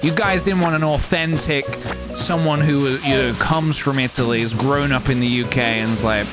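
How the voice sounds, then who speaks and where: A man's voice: medium pitch, fairly even intonation, normal speed. A man streaming a game live, chatting to viewers in a playful, giggly way. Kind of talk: casual live-stream chat while gaming. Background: game music.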